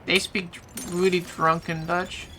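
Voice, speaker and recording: A woman's voice: lowish voice, level tone, slow, sharp tone, a little hiss or hum. A woman with a Flemish accent, casually chatting with her viewers while playing a game. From Flanders, Belgium. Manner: chatty, talks to chat while playing, swears lightly. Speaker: streamer. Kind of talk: casual live game commentary.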